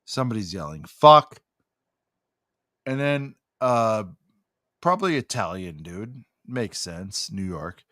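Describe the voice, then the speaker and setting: A man's voice: lowish voice, big pitch swings, a little slow, a bit bright, no echo. A man talks unhurriedly on a casual podcast, winding through a profane, ranting story. His voice sits close and dry, with no room sound around it. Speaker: podcast co-host.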